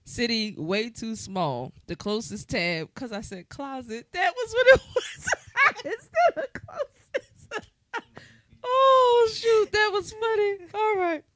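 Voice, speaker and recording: A woman co-hosting a podcast, talking in an animated, rambling way and laughing often. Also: very high-pitched, takes it slowly, no room sound, clean studio sound. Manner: animated, laughs often, talks in run-on asides. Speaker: podcast co-host. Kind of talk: casual chat.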